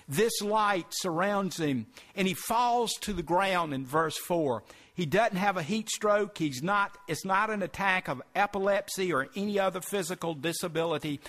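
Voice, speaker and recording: A man's voice: high voice, moderate pace, fairly bright tone. A male pastor delivering a Sunday sermon, earnest and emphatic, asking his congregation rhetorical questions.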